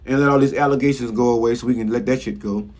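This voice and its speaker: A man's voice: medium pitch, steady tone, fast, darkish tone. A man giving a casual, profane recap of a reality show episode, scolding the cast bluntly. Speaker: reality TV commentator.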